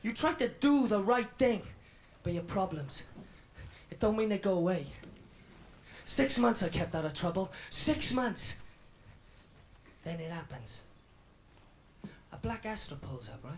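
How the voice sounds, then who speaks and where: A man's voice: sits high, sing-song, a little slow, pauses often, slight background noise. An actor playing an edgy young male stand-up comic in his twenties with a Welsh accent, telling a swaggering routine in a radio drama. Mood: defiant. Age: 20s. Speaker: comedian performing a routine.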